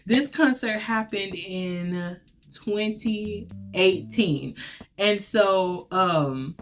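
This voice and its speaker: A woman's voice: medium pitch, drawn-out words, soft background music. A woman vlogger telling a story in a casual, chatty way, often talking straight to her listeners. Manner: chatty, emphatic, addresses listeners as y'all.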